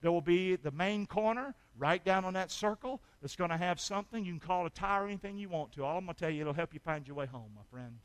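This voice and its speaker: A man preaching a sermon as pastor, calling for amens and swinging from loud shouts to hushed asides. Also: high-pitched, quick pace, few pauses, clear, resonant tone.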